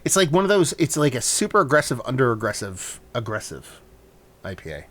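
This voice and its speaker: A man's voice: mid-range voice, sing-song, fairly quick, fairly bright tone, a little hiss or hum. A man casually reviewing a hazy beer on his vlog, talking loosely with rambling asides and frequent swearing.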